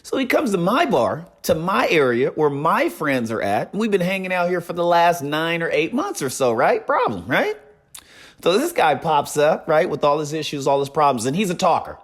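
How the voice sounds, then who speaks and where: A young man with a fairly high voice spins a casual story to his viewers. He talks in an animated way, keeps coming back to a catchphrase and acts out the other people's lines. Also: normal speed. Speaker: streamer telling a story.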